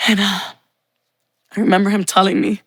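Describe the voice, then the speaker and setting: A woman's voice: mid-range voice, level tone, brisk, fairly bright tone, breathy edge, dry recording. A woman telling her personal faith testimony in an earnest, heartfelt way. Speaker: testimony speaker.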